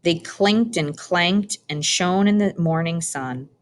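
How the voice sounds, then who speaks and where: A woman narrating a children's storybook in a calm, measured reading. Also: fairly low pitch. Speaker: audiobook reader.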